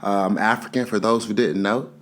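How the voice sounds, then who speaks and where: A man's voice: lowish voice, fairly even intonation, fairly quick, fairly bright tone. A young man from Texas doing a stand-up comedy set, telling loose stories and laughing between lines. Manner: loose, laughing storytelling, slips into character voices.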